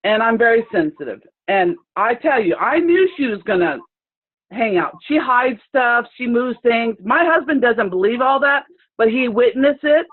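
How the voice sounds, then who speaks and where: A woman sharing a personal story on a video call, in a halting, rambling way with many restarts. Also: fairly high pitch, lively intonation. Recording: tinny phone-like video call audio.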